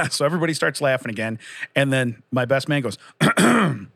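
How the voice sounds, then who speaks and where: A man's voice: medium pitch, lively intonation, moderate pace, vocal fry, a bit bright, slightly rough, no room sound. A man in his forties telling long, rambling stories and laughing often as a podcast host in casual chat.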